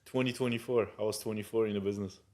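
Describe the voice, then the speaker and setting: A man from Poland, hosting a casual podcast interview with quick interjections. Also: lowish voice, steady tone, a little mellow. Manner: short interjections, laughs easily. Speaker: podcast host.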